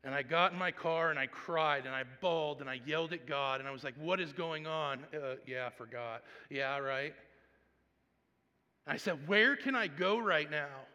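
A man preaching a sermon and telling a personal story, swinging between hushed, quiet passages and loud, animated ones. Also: on the high side, normal speed, in a large hall, lo-fi sound. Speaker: pastor.

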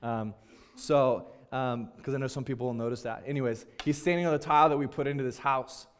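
A man's voice: mid-range voice, steady tone, fairly quick, clean tone. A young man, a pastor, telling a personal story in a sermon, earnest and openly emotional in a candid, conversational way.

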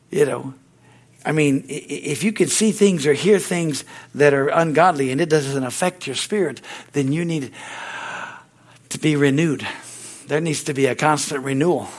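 A middle-aged man preaching a sermon in church, fervent, with repeated words and frequent amens. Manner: stories grow loud and high-pitched. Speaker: pastor.

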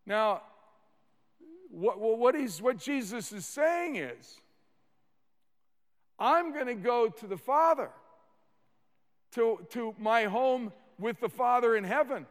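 A man with a notably high voice preaches slowly and deliberately, leaning on repeated words and building to sudden emphatic peaks. His sermon rings out with a long reverb, as if recorded in a large church hall. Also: animated. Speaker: pastor.

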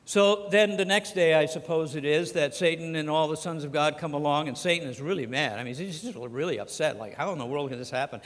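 A man's voice: fairly high pitch, fairly quick, few pauses. A man preaching a sermon as pastor, talking conversationally and acting out the scripture dialogue. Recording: long hall reverb.

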